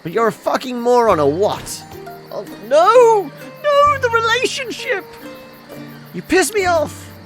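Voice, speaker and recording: A man putting on the voice of a hot-tempered young village woman, shrill and indignant. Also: huge pitch swings, slow pace, music in the background, exaggerated voice. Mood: furious.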